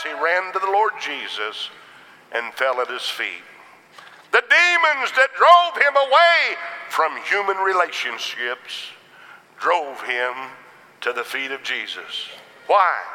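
Slow, bright-voiced preacher man. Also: on the high side, big-room sound, rough recording. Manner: rhythmic call-and-response preaching with Amens. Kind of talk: sermon.

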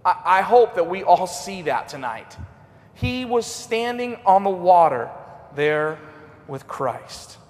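A middle-aged man preaching a revival sermon in a church, swinging between loud and hushed. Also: sits high, big pitch swings, a little slow. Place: church sanctuary. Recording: long hall reverb.

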